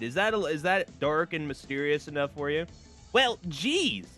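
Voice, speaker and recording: A man streaming a dating game, reading it aloud with animated, laughing, rambling asides. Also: on the high side, normal speed, faint music behind. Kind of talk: casual gameplay commentary.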